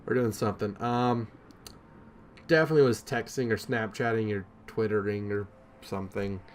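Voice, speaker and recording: A man's voice: on the low side, steady tone, normal speed, a little hiss or hum. Rambling man doing gameplay commentary. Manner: rambling, self-deprecating, many ums.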